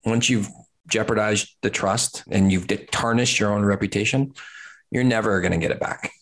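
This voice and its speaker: A man's voice: fairly low pitch, steady tone, moderate pace, fairly bright tone. A man in his thirties, an agency owner, giving blunt business advice straight to camera, swearing casually and repeating words for emphasis. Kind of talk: direct-to-camera business talk.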